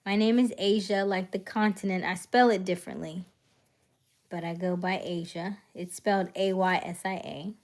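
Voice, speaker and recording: A woman hosting a casual late-night live stream, greeting viewers by name and often dropping into a soft whisper. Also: on the low side, steady tone, normal speed. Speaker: livestream host.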